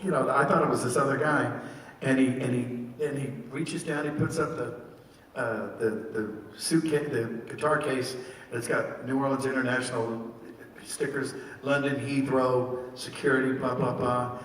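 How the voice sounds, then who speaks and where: An older man, a voice actor, telling stories and answering fan questions at a convention panel in an animated, laughing way. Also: mid-range voice, slight background noise. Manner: animated, laughing, jumps into quick character voices. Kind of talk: casual storytelling and Q&A. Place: large convention hall. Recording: echoey hall heard from far off.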